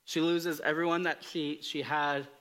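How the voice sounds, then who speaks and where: A man preaching in a relaxed, storytelling way, with a clear, bright voice that sits a little high. He pokes fun at himself and stops to restart with an "um" or "uh" before he goes on. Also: unhurried. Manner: conversational, self-deprecating humor, frequent fillers and restarts. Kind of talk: casual storytelling sermon.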